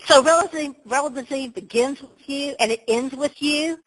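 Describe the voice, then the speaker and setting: A woman's voice: high-pitched, moderate pace, low-quality recording. Woman, webinar presenter, motivational talk, emphatic, upbeat, computer mic.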